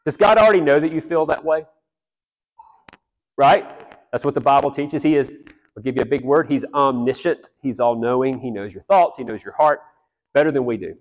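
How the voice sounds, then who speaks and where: A man's voice: fairly high pitch, in a large hall, highs cut off. A man preaching a sermon as pastor, earnest and conversational, often repeating phrases for emphasis.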